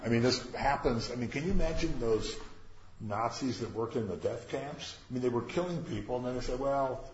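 A man's voice: medium pitch, expressive, fairly quick, slight background noise. A man leading a Bible study, commenting on scripture in a chatty way with jokey asides and rhetorical questions. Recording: echoey, dull lo-fi room recording.

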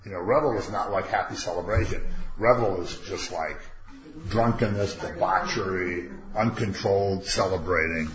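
A man's voice: deep voice, moderate pace, crowd noise. A man teaching a casual Bible study class, talking conversationally, asking rhetorical questions and acting out quotes. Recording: dull lo-fi room recording with faint noise.

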